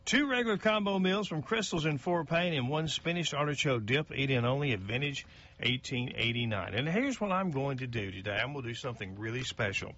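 A man's voice: medium pitch, expressive, fairly quick, fairly bright tone, muffled recording. A middle-aged man, a local radio host reading out birthday announcements in a folksy, chatty way that stumbles over names.

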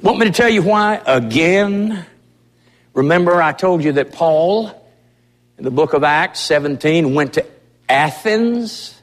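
High-voiced fervent preacher in a reverberant church. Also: male voice, lively intonation, measured pace. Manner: impassioned, emphatic preaching. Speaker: pastor. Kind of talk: sermon. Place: church sanctuary. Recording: long reverb of a church hall.

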